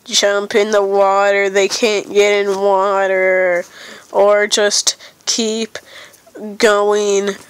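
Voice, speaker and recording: A woman's voice: mid-range voice, little pitch movement, extremely slow, smooth, no echo, rough recording. A young woman with a stuffy nose giving silly, rambling commentary while playing a game. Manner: silly, rambling, playfully dramatic. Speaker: gamer. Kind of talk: casual gameplay commentary.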